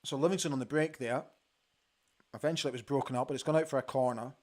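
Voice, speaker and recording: A Scottish man hosting a live football watch-along from a studio, reacting excitedly to the play and chatting about viewers' comments. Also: medium pitch, fast.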